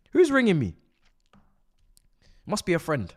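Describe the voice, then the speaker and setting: A young man commentating live over a match as a fan, his voice sitting high for a man and swinging widely in pitch. He rants in exasperation and mocks what he sees. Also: animated, measured pace, bright, forceful tone. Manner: exasperated ranting, mocking, often laughing. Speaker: football fan streamer.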